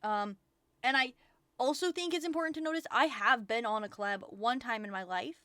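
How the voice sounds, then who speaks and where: Excitable, swearing woman streamer. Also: on the high side, brisk, no echo. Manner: excitable, rambling, frequent swearing. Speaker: VTuber streamer. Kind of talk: casual livestream chat.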